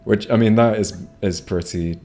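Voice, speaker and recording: A man's voice: lowish voice, normal speed, dark tone, faint music behind. A man streaming a game on a home microphone, rambling casually with lots of swearing and restarts. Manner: rambling, profane, frequent restarts. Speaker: gamer streaming a playthrough. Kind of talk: casual gameplay commentary.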